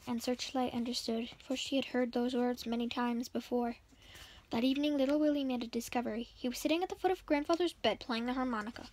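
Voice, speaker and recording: A woman's voice: high-pitched, steady tone, brisk, a little mellow, a little hiss or hum. A woman reading a children's chapter book aloud for her channel, often stumbling and rereading words. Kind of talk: storybook reading.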